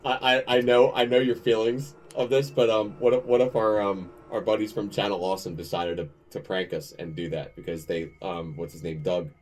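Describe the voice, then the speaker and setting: A man with a low voice co-hosts a casual podcast chat. He rambles through his points with restarts and plenty of enthusiasm. He laughs often. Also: steady tone, brisk, hardly any pauses, darkish tone. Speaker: podcast co-host.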